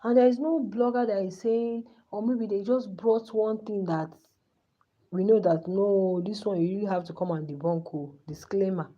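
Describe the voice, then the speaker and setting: A woman's voice: mid-range voice, normal speed, highs cut off. A woman in her thirties with a Nigerian accent, hosting a live stream and giving passionate, pleading commentary. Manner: impassioned, pleading.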